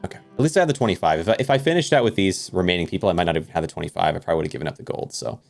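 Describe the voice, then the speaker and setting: Gravelly, lively man playing a game. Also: deep voice, rapid-fire, faint music behind. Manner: joking, laughs often, thinks aloud; reads game dialogue aloud. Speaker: let's play streamer. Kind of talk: casual game commentary.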